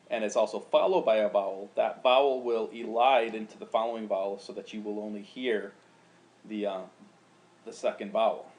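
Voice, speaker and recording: A man's voice: lowish voice, a little mellow. A man teaching, explaining grammar patiently and chanting out rhythms syllable by syllable. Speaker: Latin teacher. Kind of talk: recorded lecture.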